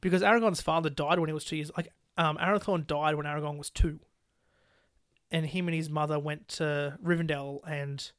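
A podcast co-host in a casual film chat, talking fast with lots of "like" fillers and acting out quoted lines from scenes. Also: medium pitch, no room sound, clean studio sound. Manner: animated, full of "like" fillers, laughs while retelling scenes.

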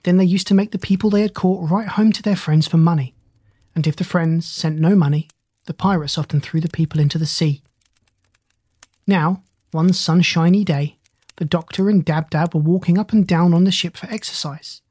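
A storybook narrator reads in a steady, measured way. The voice is husky and sits at a middle pitch. The recording is dry and close. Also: no echo. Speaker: audiobook narrator.

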